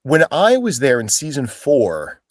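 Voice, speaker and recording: A man's voice: medium pitch, wildly swooping pitch, measured pace, no echo, clean studio sound. A man from Pennsylvania, an actor as a guest, telling stories in a casual interview and acting out quoted lines in voices.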